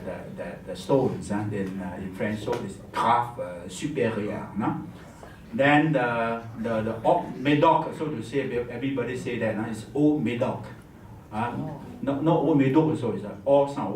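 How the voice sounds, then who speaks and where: Speaking at medium pitch with a darkish tone, a man runs a wine masterclass live in a hotel function room. He teaches with humor and keeps adding "huh?" to his lines. Slight background noise accompanies the echoey, far-off capture.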